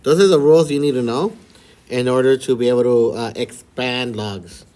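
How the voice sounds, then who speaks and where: A man teaching a math lesson in a relaxed, chatty way, often checking in with his students. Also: mid-range voice, normal speed, clean tone. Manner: relaxed and chatty, checks in with frequent "all right?" and "okay?". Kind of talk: casual recorded lesson for students.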